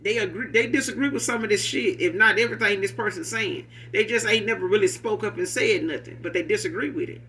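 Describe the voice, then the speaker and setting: A man's voice: high-pitched, fast talker, hardly any pauses, sharp tone. A man giving a casual, rambling tarot reading, talking in a loose, profane, street-casual way. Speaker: tarot reader.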